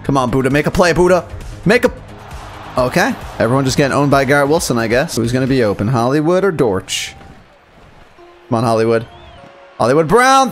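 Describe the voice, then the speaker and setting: A young man commentating his own video game match, muttering plays quietly and then yelling at the big moments. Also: mid-range voice. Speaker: gaming YouTuber. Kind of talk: live gameplay commentary.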